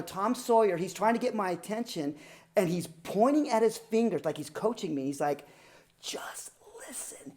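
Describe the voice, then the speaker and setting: A woman tells a personal story as a performance, dramatic and lively. She rises to loud, excited peaks and drops to hushed, near-silent passages. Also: medium pitch. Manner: animated, dramatic, swings between loud and hushed. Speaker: student storyteller.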